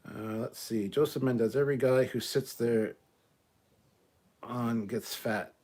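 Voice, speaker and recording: A man's voice: medium pitch, a little slow, a little mellow. A middle-aged man hosting a casual livestream, reading viewer comments aloud and reacting in a chatty way, swearing freely and joking about himself. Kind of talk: casual live chat.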